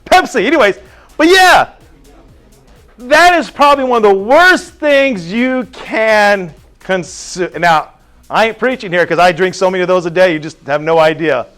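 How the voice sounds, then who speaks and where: A man's voice: high-pitched, faint music behind. A man teaching a class, telling stories and firing questions at his students. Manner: animated, storytelling with quick questions to students. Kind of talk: classroom lecture.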